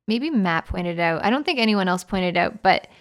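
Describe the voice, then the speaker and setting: A woman's voice: on the low side, animated, fairly quick. Canadian woman, podcast co-host, breezy and joking. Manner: chatty, playful, slips into joking accent impressions. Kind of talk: casual chat.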